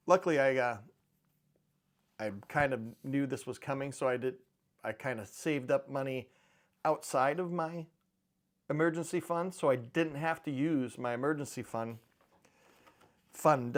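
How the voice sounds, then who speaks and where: A middle-aged man hosting a channel on precious metals, chatting casually and rambling with dry, offhand humor. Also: mid-range voice. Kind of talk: casual chat to camera.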